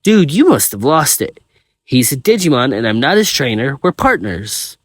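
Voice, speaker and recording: A man's voice: medium pitch, very animated, normal speed, no echo, studio quality, pitched above the performer's own voice. A man voicing a brash, blunt young man. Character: brash young man about the narrator's age.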